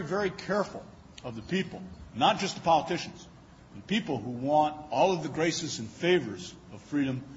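Animated man telling stories in a hall. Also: medium pitch, slight background noise. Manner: humorous, animated anecdotes with frequent stammered restarts. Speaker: speaker giving a lecture. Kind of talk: storytelling speech. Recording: dull lo-fi recording in a large reverberant hall.

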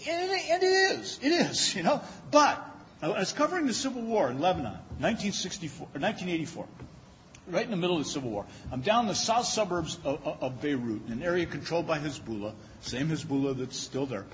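Guy doing a funny speech, stumbles and restarts a lot, kinda high voice, echoey hall. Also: fast talker, a little hiss or hum. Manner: humorous, animated anecdotes with frequent stammered restarts. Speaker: speaker giving a lecture. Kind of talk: storytelling speech. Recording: dull lo-fi recording in a large reverberant hall.

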